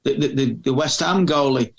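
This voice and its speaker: A man's voice: medium pitch, moderate pace. A middle-aged man telling long, rambling anecdotes as a podcast guest, often restarting his sentences. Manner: rambling storyteller with frequent restarts. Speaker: podcast guest, former magazine editor. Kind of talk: casual anecdotal chat.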